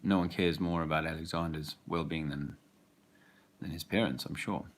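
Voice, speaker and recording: A father and vlogger walks a park path outdoors, reflecting casually for his vlog in a rambling, hesitant way packed with fillers. His bass voice holds a steady tone at normal speed, with slight background noise behind it.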